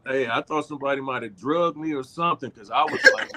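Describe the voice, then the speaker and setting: A man, an actor guest on a podcast, telling funny stories with animated delivery and frequent laughter. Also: mid-range voice, quick pace, very noisy. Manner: animated storyteller, laughs often. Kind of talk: casual podcast interview.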